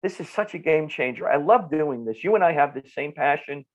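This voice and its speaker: A man in his fifties with a North Jersey accent, a nutritionist guest talking in an animated way and often repeating words. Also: on the high side, fairly quick, dull audio, a crowd in the background. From New Jersey. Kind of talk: casual podcast interview.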